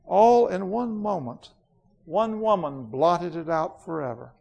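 A man's voice: high voice, takes it slowly, gravelly, darkish tone, breathy edge, full character voice. A man voicing a cold, ruthless queen in a dramatic storybook reading, in an imperious, declamatory manner. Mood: bitter, imperious. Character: proud, cold, ruthless ancient woman queen.

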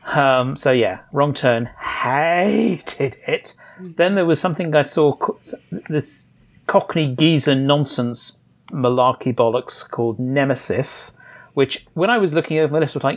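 A man's voice: on the high side, measured pace. A man chatting casually on a podcast as a film critic, articulate and dryly scathing in his reviews.

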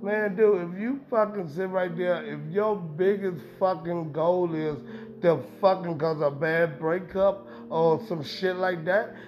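A man's voice: high-pitched, fairly even intonation, measured pace, a little mellow. A man hosting a podcast in a rambling, profane, emphatic casual monologue. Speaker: podcast host. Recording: dull lo-fi sound with music behind.

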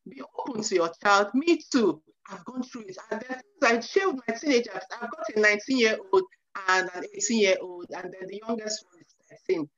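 Her medium-pitched, fairly bright voice moves briskly with hardly any pauses as this forties-aged youth counselor earnestly guides parents. She often says "you know" and acts out quotes; the recording is muffled and lo-fi.

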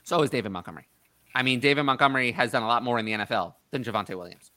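A man hosting a casual sports talk show, opinionated and thinking out loud with frequent restarts. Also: mid-range voice, racing, no room sound. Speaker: podcast host. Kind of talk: casual fantasy football chat.

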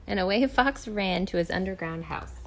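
A young adult woman quietly prompting a child through a story, in a soft, low-key way. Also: expressive, moderate pace, a little hiss or hum.

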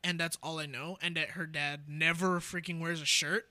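A man's voice: a little high, little pitch movement, moderate pace, sharp tone, no echo. A young man chatting casually on a podcast, rambling through stories with a self-deprecating, laughing manner. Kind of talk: casual chat.

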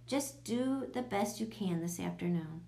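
Woman reading as a gentle young teacher, patient, a bit worn out. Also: mid-range voice, animated, measured pace, vocal fry. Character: young female teacher, patient but frazzled.

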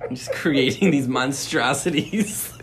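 A man's voice: a little high, noisy background. A man co-hosting a casual comedy podcast, laughing often and full of "like" fillers. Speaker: podcast co-host.

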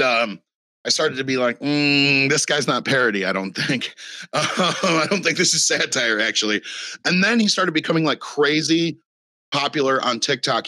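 A man's voice: medium pitch, sharp tone, no room sound. A man talking in a casual podcast chat, rambling and profane with lots of fillers.

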